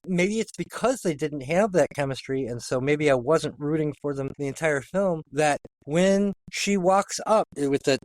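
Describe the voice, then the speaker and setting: Man hosting a film podcast, higher voice. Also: no echo. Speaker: podcast host. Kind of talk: casual film discussion.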